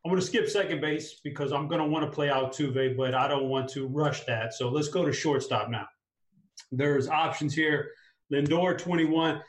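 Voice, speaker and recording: A man hosting a casual fantasy sports chat, upbeat and talking his picks through out loud. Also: fairly high pitch, moderate pace, echoey room, poor audio. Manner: upbeat, talks through a lineup aloud. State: clearing a tickle in his throat. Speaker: fantasy sports show host.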